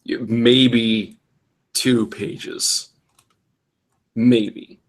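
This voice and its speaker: A man's voice: medium pitch, little pitch movement, very slow. Young male co-host, comedic dramatic reader, exaggerated voices, exasperated. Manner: reads with exaggerated character voices and exasperated asides. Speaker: co-host reading fanfiction aloud.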